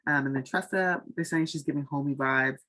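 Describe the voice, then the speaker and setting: A woman's voice: low voice, fairly quick, pushed and bright, poor audio. A woman casually recapping a reality dating show, chatty and frank, with lots of fillers. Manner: chatty, loose, heavy on fillers like "um" and "like"; frank and opinionated. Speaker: TV recap vlogger.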